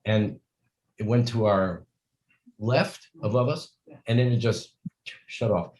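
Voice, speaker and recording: Slow and fairly low-pitched with a darkish tone, an older man answers as a guest in a conversational interview. He speaks earnestly in long, meandering stretches and acts out the greetings he quotes. The recording quality is low.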